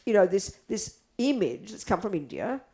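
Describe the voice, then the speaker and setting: An older woman teaching Buddhism to an audience, blunt and animated, asking rhetorical questions. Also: mid-range voice, normal speed, gravelly. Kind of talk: dharma talk to an audience.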